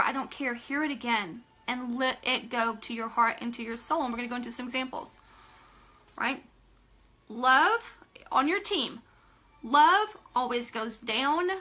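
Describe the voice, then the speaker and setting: Emphatic bright-voiced woman coaching leaders. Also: high voice. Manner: emphatic, repeats phrases for stress; addresses listeners directly, asks for comments. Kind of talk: live motivational talk to viewers.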